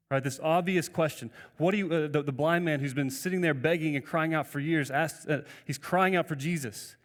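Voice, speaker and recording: Pastor, male, slightly high voice, earnest sermon delivery, lots of restarts, reverberant church hall. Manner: earnest preaching with frequent restarts and rhetorical "right?".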